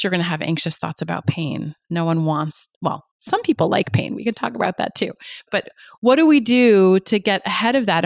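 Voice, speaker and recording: A woman guest on a podcast, a pain psychologist explaining ideas in an energetic, emphatic way with lots of rhetorical questions. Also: medium pitch, no echo, clean studio sound.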